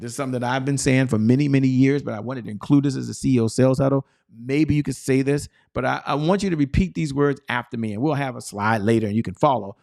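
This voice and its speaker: A man's voice: medium pitch, creaky. Fired-up man hosting a motivational sales show. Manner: energetic, excited, repeats phrases for emphasis; chants belief statement slowly for the audience to repeat. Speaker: host.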